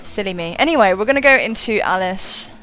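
A woman's voice: mid-range voice, expressive, a little fast, fairly bright tone, faint music behind. Chatty young woman gamer. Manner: chatty, self-mocking, swears and laughs often. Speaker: gaming YouTuber. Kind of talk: casual battle commentary.

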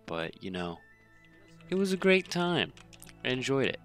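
A man's voice: medium pitch, sing-song, unhurried, a bit bright, faint music behind. A young man giving casual let's-play commentary, rambling with joking asides. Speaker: gaming video host.

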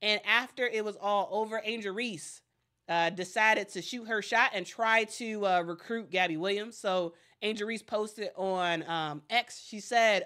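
A woman's voice: mid-range voice, measured pace, pushed and bright. A woman hosting casual sports commentary, chatty and addressing viewers directly, often restarting her sentences.

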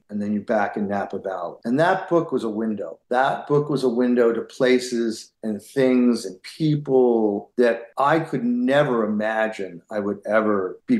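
A middle-aged man from New York tells his story as a guest in an interview. His voice sits at an ordinary pitch and he keeps it lively, laughing often and acting out the people he quotes. The room gives his voice a roomy echo. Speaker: guest, winery founder.

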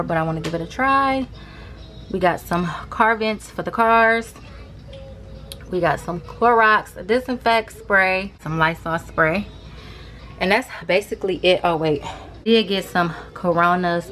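A young woman talking casually through a shopping haul vlog, addressing viewers as y'all, rushed and a bit out of breath. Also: fairly low pitch, a bit bright, slight background noise. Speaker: vlogger.

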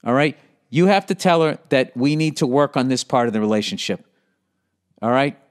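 With a clean, mid-range voice and moderate pace, the middle-aged Boston podcaster works through listener letters. Each reading sparks an animated comeback packed with profanity.

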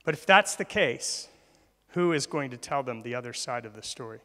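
A man's voice: medium pitch, lively intonation, normal speed, bright, forceful tone. A male guest speaker giving a church talk, often asking the audience questions. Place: church hall. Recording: long hall reverb.

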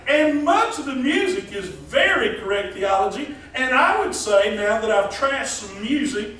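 A man's voice: sits high, fairly bright tone, a little hiss or hum. A man preaching a folksy sermon as pastor, joking and asking the congregation questions. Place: church hall. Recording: echoey hall, distant mic.

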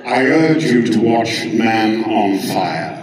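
A man speaking at a convention panel with a slow, deliberate, theatrical delivery. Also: on the low side, lively intonation, heavy background noise. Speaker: actor panelist. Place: large indoor convention hall. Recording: echoey hall from far off with crowd.

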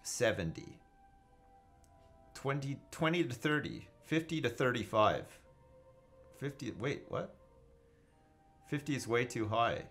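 A gaming livestreamer with a creaky, mid-range, somewhat bright voice casually comments on his own space game. He jokes, swears and thinks aloud while reading chat.

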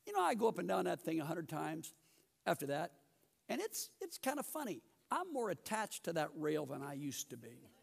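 Man, middle-aged, gravelly, high-ish, Bible class teacher, lively storytelling, church hall echo. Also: moderate pace. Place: church building.

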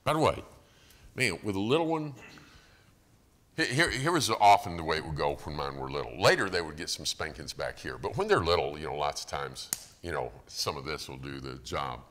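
A middle-aged man preaching a sermon in a church, telling stories with animated acted-out quotes and chuckles. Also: very deep voice, fairly quick.

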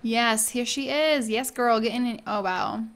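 A woman's voice: fairly high pitch, a little slow, gravelly, fairly bright tone. A young woman giving casual, bubbly let's-play commentary, gushing and chatting with her viewers and characters. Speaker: gaming YouTuber.

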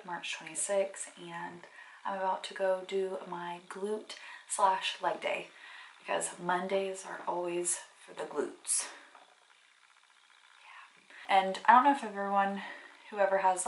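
A woman's voice: fairly low pitch, creaky, slight background noise, low-quality recording. A young woman talking casually to camera in a vlog, chatty and rambling with lots of filler words. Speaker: vlogger.

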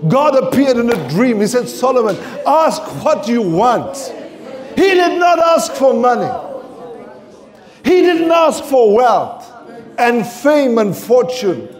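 A South African man preaching a sermon in a church, impassioned, swinging from shouted declarations to low murmurs. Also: sing-song, slow, a faint crowd. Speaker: pastor. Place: church sanctuary with congregation.

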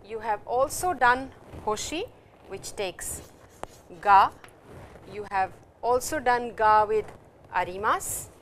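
A woman's voice: fairly high pitch, lively intonation, slight background noise. An Indian woman teaching a Japanese lesson, explaining grammar step by step and reading example lines aloud. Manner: explains slowly, reads dialogue lines aloud. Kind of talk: recorded language lesson.

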